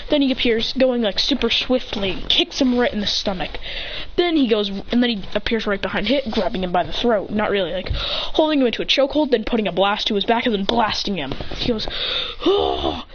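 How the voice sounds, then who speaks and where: A woman excitedly retelling a fight story, breathless and acting out the sound effects. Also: on the high side, a little fast. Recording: muffled and noisy.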